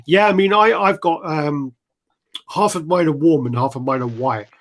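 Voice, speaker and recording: A man's voice: a little high, normal speed. A man hosting a casual livestream chat, easygoing, laughing often and reading out viewer names. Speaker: host reading live chat.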